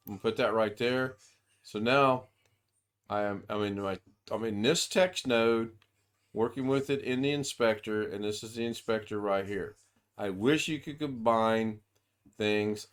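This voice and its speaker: A man with a lowish voice walks through a software demo on a video call. He talks casually, thinking out loud and circling back on himself mid-sentence. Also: clean tone. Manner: thinks aloud, rambling with restarts. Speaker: software demonstrator. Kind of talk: casual screen-share tutorial.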